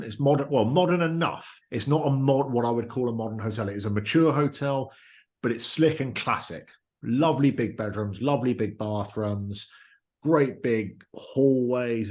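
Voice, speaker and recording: A man's voice: medium pitch, a little mellow. Enthusiastic man telling travel stories. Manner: enthusiastic storytelling. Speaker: podcast host. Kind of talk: casual podcast chat.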